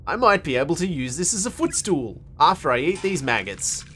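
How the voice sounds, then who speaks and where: A man's voice: fairly high pitch, very animated, brisk, fairly bright tone, a little hiss or hum. A man voicing a frightened teenage schoolgirl in a haunted school game, reading her dialogue melodramatically. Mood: queasy.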